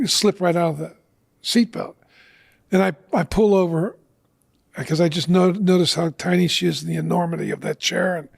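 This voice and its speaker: A middle-aged man sits as a guest on an interview show and tells a personal story in earnest. His voice is gravelly and husky and sits a little high for a man. He acts out the lines of the people in the story. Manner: earnest storyteller, acting out quotes.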